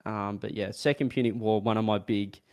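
A man with an Australian accent, a caster chatting casually on a panel, rambling with jokey deadpan asides. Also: lowish voice, a little fast, a little hiss or hum.

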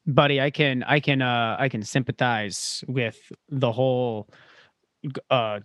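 A man's voice: mid-range voice, steady tone, measured pace, fairly bright tone, no room sound, studio quality. A man hosting a podcast, asking probing questions and rambling through his own stories in casual chat. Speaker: podcast host.

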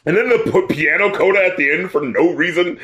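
A man with a somewhat high voice talks loosely in a casual podcast chat. He laughs often, swears freely and slips into little acted-out reactions as he goes. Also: fairly bright tone, muffled recording. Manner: loose, laughing, profane, acts out others' reactions. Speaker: podcast co-host reviewing albums.

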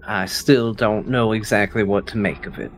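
A man's voice: on the low side, fairly even intonation, moderate pace, soft background music. A man playing a tabletop game, answering in character in a hesitant, thoughtful way. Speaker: player.

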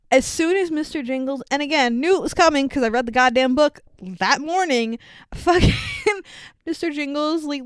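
A young woman gushes through a film recap on her podcast, her voice emotional, quick to swear and a touch high. The voice is smooth and clear, recorded close and dry. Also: no echo. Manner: emotional, gushing, swears freely. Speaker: podcast co-host. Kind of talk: casual movie recap chat.

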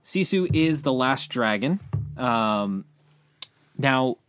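A young man hosts an entertainment news podcast in a loose, chatty way, full of "um"s and sudden quick bursts. His pitch sits in an ordinary middle range. The mic is close and dry. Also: expressive, fairly bright tone, clean tone, no echo. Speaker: podcast co-host, editor-in-chief. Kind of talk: casual podcast chat about entertainment news.

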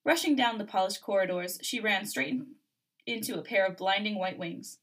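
A woman reading a fan fiction story aloud on a podcast, giving the characters' lines a lively, acted lilt. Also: mid-range voice, normal speed. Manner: lively, acts out dialogue, laughs often.

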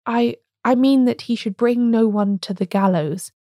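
Woman doing a jittery young curate, stammers, voice climbs high, mellow tone. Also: moderate pace, no echo, clean studio sound, lightly acted. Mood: feverish. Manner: stammering, excited, voice rising. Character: agitated, feverish young male curate.

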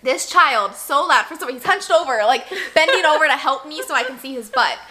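A woman with a high, bright voice co-hosts a relaxed chat podcast. She tells her stories in an animated way and laughs often as she goes. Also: fairly quick. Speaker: podcast co-host. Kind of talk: casual chat.

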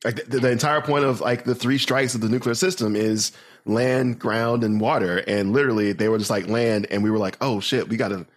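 Man, husky timbre, animated casual co-host, swears freely, laughs often. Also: mid-range voice, a little fast. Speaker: podcast co-host. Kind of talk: casual movie-review chat.

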